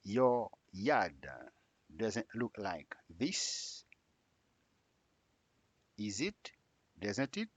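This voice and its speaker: A man teaching an English grammar lesson, reading example sentences slowly and stretching the question tags upward. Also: on the low side, very animated, breathy edge, dry recording. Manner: drills example sentences with exaggerated rising tags. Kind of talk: slow spoken grammar lesson.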